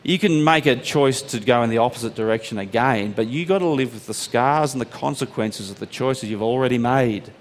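A man preaching a sermon, telling stories and letting his voice climb high on emphatic points. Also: brisk, few pauses. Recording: long hall reverb.

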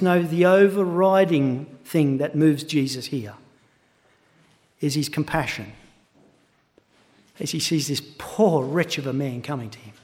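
High-voiced preacher in a reverberant hall. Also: male voice, darkish tone. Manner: earnest, builds to impassioned emphasis. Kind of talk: sermon.

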